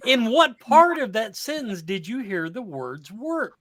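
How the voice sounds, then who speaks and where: A host keeps a loose chat moving with dry, mock-indignant quips. The voice sits at an ordinary middle pitch. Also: sing-song, a little slow, a crowd in the background. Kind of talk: casual chat.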